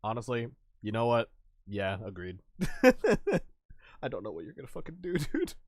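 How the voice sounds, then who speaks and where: A man's voice: medium pitch, huge pitch swings, a little slow, no echo. A man streaming a game, making casual, swearing, self-mocking asides.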